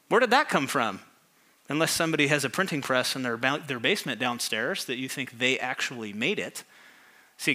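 A man preaching a sermon as pastor, asking the congregation questions and reading scripture slowly with emphasis. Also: a little high, sharp tone. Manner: call-and-response questions to congregation.

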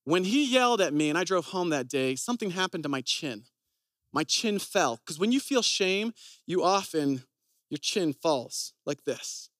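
A man with a notably high speaking voice delivers a sermon, weaving personal stories into earnest, conversational teaching. The sound is close and dry, with almost no room around it. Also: sing-song, normal speed, fairly bright tone, no room sound. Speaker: preacher.

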